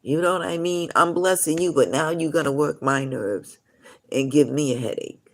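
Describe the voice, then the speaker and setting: Casting: gravelly-voiced man, live-stream storyteller who rambles and digresses. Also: fairly high pitch, moderate pace, fairly bright tone. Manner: rambling, full of "you know" asides.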